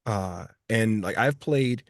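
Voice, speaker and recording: A man's voice: lowish voice, slow pace, no echo, studio quality. A man from Texas who works as a voice actor, chatting in an interview and often restarting his phrases as he tells stories. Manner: chatty, restarts phrases while telling anecdotes. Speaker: voice actor guest. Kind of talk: casual interview chat.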